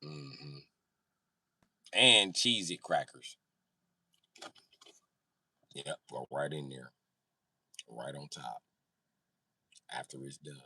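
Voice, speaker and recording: Livestream host, low bright voice, comedic rant, heavy swearing. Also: male voice, breathy edge, no room sound, far from the mic. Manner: animated storytelling, heavy swearing, slow emphatic drawl.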